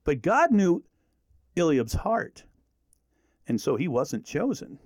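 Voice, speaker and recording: Animated, lively-voiced male Bible teacher. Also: a little high, takes it slowly, no echo. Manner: animated storyteller who acts out quoted lines. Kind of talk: Bible study lesson.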